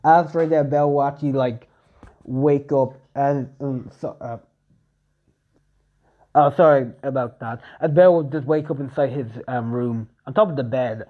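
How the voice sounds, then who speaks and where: A man's voice: medium pitch, measured pace, highs cut off. A young man improvising a fan story narration, rambling with heavy fillers.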